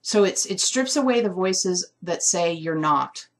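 A woman's voice: lowish voice, expressive, unhurried. A woman giving a live intuitive reading of an essential oil, musing aloud and searching for words with frequent fillers. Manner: emotional, close to tears.

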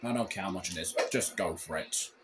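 A man commenting live on his own gameplay, irritable and grumbling, with sudden shouted complaints. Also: low-pitched, brisk. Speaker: gaming channel host.

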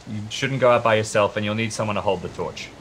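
A man playing a tabletop horror game, speaking hesitantly with many pauses and ums. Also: fairly low pitch, fairly bright tone, a little hiss or hum. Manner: hesitant, halting, lots of um. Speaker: player.

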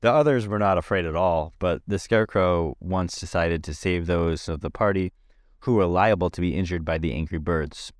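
A man's voice: deep voice, moderate pace, no room sound, clean studio sound. A man giving an amateur audiobook reading of a children's story, plain and dotted with 'uh' fillers. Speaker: podcast reader.

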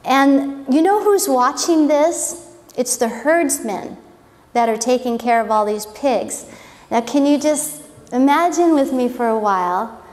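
A woman's voice: high voice, expressive, a little slow, a little mellow. A woman giving an informal Bible lesson, chatty and wondering aloud. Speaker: Bible teacher. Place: church hall. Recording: echoey hall with long reverb.

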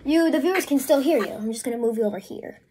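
A woman with a high, fast, warm voice chats casually at a work table in her home while filming a messy crafting vlog. She gets flustered and apologizes as things go wrong, and the recording carries a faint hiss or hum.

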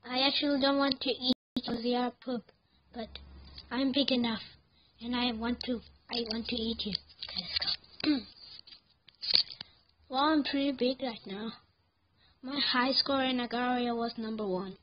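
Excitable high-voiced woman gaming. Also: measured pace, pauses often, highs cut off, slight background noise. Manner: excitable, yelling at the game, repeats words. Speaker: gameplay commentator. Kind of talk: live gameplay commentary.

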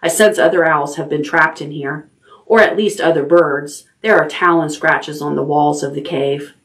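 A woman librarian reading a chapter book aloud at bedtime, unhurried and expressive. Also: low voice, recorded from a distance.

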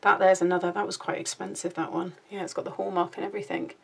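A woman from the UK, a craft vlogger, chatting casually and gushingly while showing off her collection, often murmuring softly, a little out of breath. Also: lowish voice, fairly even intonation, fast, creaky, few pauses. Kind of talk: casual show-and-tell chat. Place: home, sitting down.

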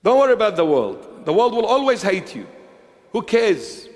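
A bishop preaching a sermon in a church, repeating phrases emphatically and swinging between hushed, intimate lines and raised ones. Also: male voice, sits high, big pitch swings, normal speed, in a large hall.

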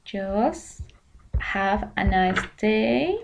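Slow, gravelly teacher switching languages. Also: mid-range voice, expressive, noisy background. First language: Spanish. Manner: switches between English and Spanish. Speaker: English teacher. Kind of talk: recorded online class.

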